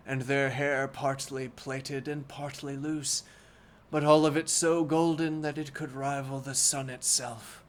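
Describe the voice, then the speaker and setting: Unhurried and deliberate, a man with a level, mid-range voice reads a classic novel as a live-streamed bedtime story, adding wry comments along the way.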